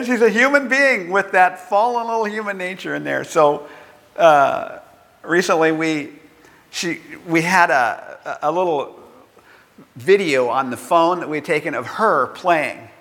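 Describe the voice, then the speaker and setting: An older man preaching a sermon in an earnest, conversational way, acting out quotes with lively energy. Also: a little high, in a large hall. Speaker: pastor.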